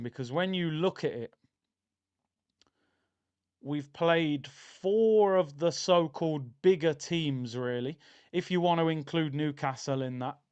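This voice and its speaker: A man's voice: fairly high pitch, smooth, dull audio. A man streaming a live football watchalong, chatting casually about the match and reading out viewer comments. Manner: chatty, reads out viewer comments, excitable bursts. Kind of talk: live match reaction chat.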